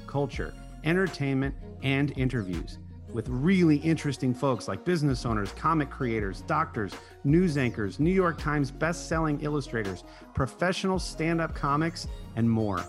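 A man reading a scripted promo for his podcast in a relaxed, friendly way. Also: medium pitch, moderate pace. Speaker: podcast host in an ad. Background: faint music.

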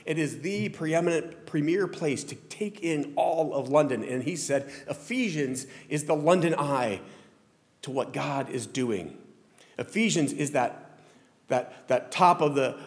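A male pastor with a Southern American accent giving a conversational, self-deprecating sermon in a church sanctuary. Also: medium pitch. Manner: conversational, self-deprecating preaching with frequent restarts. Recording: long hall reverb.

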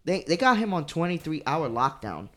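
A man co-hosting a casual podcast chat, swearing freely and talking with animated energy. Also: fairly high pitch, normal speed, a little hiss or hum. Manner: profane, animated, mock British voice at times. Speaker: podcast co-host.

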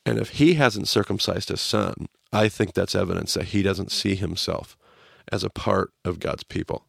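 A man hosting a podcast, teaching a Bible story in a casual, animated way. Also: sits low, moderate pace, vocal fry, husky, dry recording, clean studio sound. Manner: animated, acts out quotes as he teaches.

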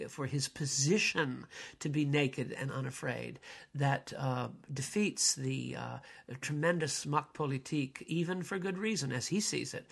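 Raspy priest man lecturing on a play, lots of uh and restarts, wanders off topic. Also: a little high, fairly bright tone. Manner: halting, with many fillers and restarts, digressive.

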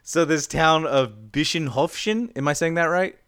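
A man's voice: a little high, lively intonation, normal speed, a bit bright, clean tone, no echo, studio quality. A young man in casual chat as podcast cohost, explaining with lots of fillers and restarts. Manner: rambling explainer, many fillers.

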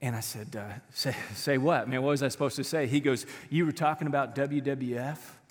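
A man preaching a sermon to his church in an animated, conversational way, acting out quotes as he goes. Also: mid-range voice, brisk. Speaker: pastor. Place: church auditorium. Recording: live church sermon with long hall reverb.

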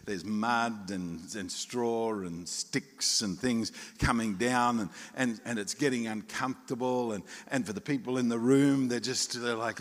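A male pastor, preaching a sermon with animated storytelling, acting out voices and chuckling asides. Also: medium pitch, moderate pace, few pauses, long reverb tail. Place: church hall.

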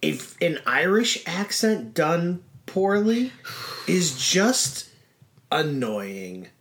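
A man's voice: a little high, very animated, drawn-out words, a bit bright. Hesitant man host chatting casually. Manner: hesitant, trails off. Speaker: podcast host. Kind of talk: casual chat.

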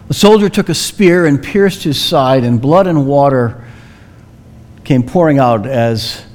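Slow, dramatic male preacher. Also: mid-range voice, darkish tone. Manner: slow, dramatic storytelling with long pauses. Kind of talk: sermon.

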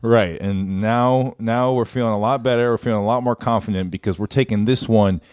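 A man's voice: lowish voice, steady tone, a little fast, darkish tone, clear, resonant tone, no room sound, clean studio sound. A man co-hosting a casual podcast, rambling with lots of fillers and restarts, recorded over an internet call. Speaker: podcast co-host. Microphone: remote call over internet.

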